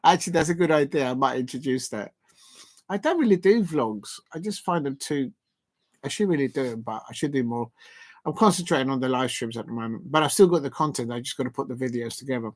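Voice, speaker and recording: A man's voice: mid-range voice, lively intonation, fast. A man hosting a live stream in a casual, playful way, repeating catchphrases and chuckling to himself.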